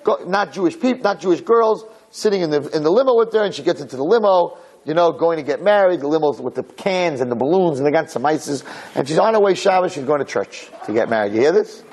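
A man telling a religious story in a dramatic, animated way, acting out the characters. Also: a little high, quick pace. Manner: lively, dramatic, acts out characters.

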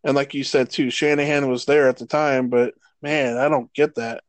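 Guy in his 30s ranting about football, cussing a lot, gets loud and fast, dry close sound. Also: mid-range voice, no room sound. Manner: profane, animated rants. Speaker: podcast co-host. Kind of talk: casual sports chat.

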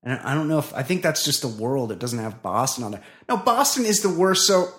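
A co-host in a relaxed comedy podcast, mid-pitched and easygoing, trading dry jokes and wandering through stories with plenty of restarts. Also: brisk. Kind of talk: casual comedy podcast chat.

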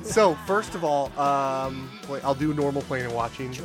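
A man co-hosting a podcast, chatting casually and telling animated, profane stories. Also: mid-range voice, normal speed, over music. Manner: animated storyteller, swears freely. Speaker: podcast co-host. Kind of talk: casual chat.

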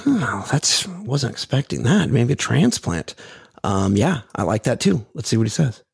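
A man's voice: mid-range voice, sing-song, measured pace, creaky, husky, no room sound, studio quality. A man co-hosting a comedy podcast, riffing with wry, casual banter. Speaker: podcast co-host.

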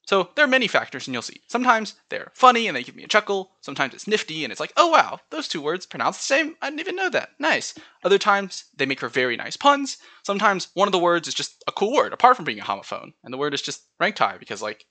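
A man's voice: sits high, very animated, fast, few pauses, bright, forceful tone, no echo. A man with a General American accent hosting a solo podcast, chatting through word lists and spelling words out letter by letter. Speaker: podcast host.

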